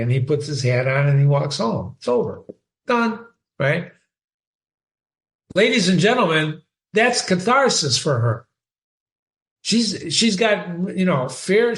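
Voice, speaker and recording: A man talks through a short story in a relaxed lesson, pausing often and asking his listeners one question after another. His voice sits a little high for a man, and his delivery is unhurried and deliberate. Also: vocal fry. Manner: slow, questioning, animated with rhetorical questions. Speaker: literature teacher. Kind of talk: casual spoken literary analysis.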